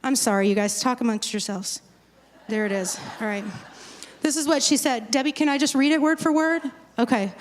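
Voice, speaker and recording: Talky joking lady pastor, voice a bit high, ringing long reverb of a big church hall. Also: a little fast. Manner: chatty, joking, rambling asides. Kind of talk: casual talk to a conference crowd.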